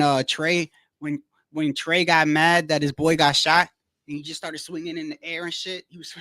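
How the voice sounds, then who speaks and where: A man hosting a casual livestream, rambling in a slangy, animated way and repeating himself as he tells stories. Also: fairly high pitch, no room sound, studio quality. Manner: slangy, rambling, keeps saying "bro". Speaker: livestream host. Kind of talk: casual livestream boxing chat.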